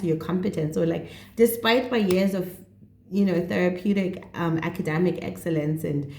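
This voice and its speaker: Woman, 30s, Setswana accent, vlogger; mellow, gravelly delivery in a roomy echo. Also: on the low side, slight background noise. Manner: earnest, chatty, slips into Setswana. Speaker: mental health vlogger. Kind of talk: casual direct-to-camera talk.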